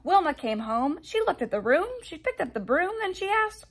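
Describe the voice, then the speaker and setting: Woman teacher, story read-aloud; high, animated, breathy delivery. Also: moderate pace. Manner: sing-song, expressive storytelling. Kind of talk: reading a children's picture book aloud.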